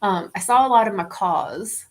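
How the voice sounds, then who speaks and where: A woman telling a story as a guest in a casual chat, animated and laughing often. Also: medium pitch, normal speed.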